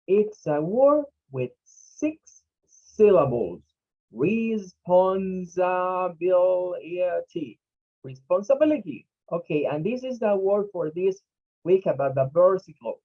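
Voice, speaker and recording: An English teacher whose first language is Spanish gives an online pronunciation lesson, slowly drilling each syllable and sound. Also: mid-range voice, very animated, breathy edge, muffled recording.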